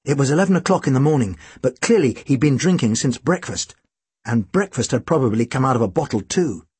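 A man's voice: medium pitch, animated, brisk, a little mellow, slightly rough, no room sound. A man reading an audiobook, narrating in a dry, wry storytelling manner. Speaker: audiobook reader.

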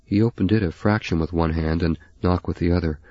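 Deep, husky male narrator, steady read, dry. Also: brisk, no room sound, dull audio. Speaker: audiobook narrator. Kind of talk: scripted narration.

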